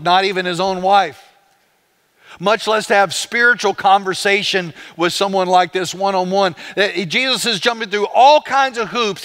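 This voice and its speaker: A man's voice: high-pitched, sharp tone. A man, a pastor, preaching a conversational sermon with rhetorical questions to the congregation.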